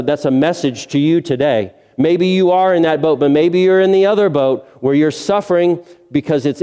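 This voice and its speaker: A man's voice: fairly high pitch, mellow, smooth. A male pastor preaching a sermon earnestly, asking rhetorical questions and repeating key phrases. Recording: long reverb of a large hall.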